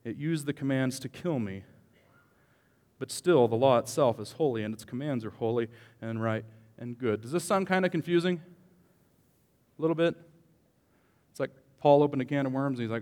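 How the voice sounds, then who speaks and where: A man preaching a sermon as a pastor, joking with the congregation and swinging between quiet asides and loud emphatic lines. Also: mid-range voice, moderate pace, long pauses, long reverb tail. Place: church hall.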